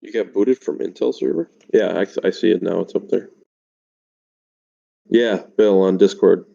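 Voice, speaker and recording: A man talking over voice chat during a game stream, chatty and quick to laugh. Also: low-pitched, creaky, mellow, highs cut off. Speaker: guest on voice chat. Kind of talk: casual chat. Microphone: voice chat mic.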